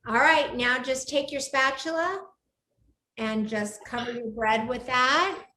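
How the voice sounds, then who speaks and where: A woman's voice: high voice, slow pace, sharp tone. A woman hosting a live cooking show from her home kitchen, chatting with enthusiasm and gushing over the food. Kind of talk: live cooking demo chat. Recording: echoey room.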